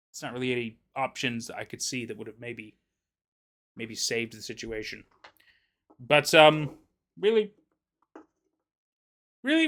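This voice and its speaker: A man reading a story game aloud and commenting casually, animated and often stumbling over his words. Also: mid-range voice. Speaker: let's play narrator.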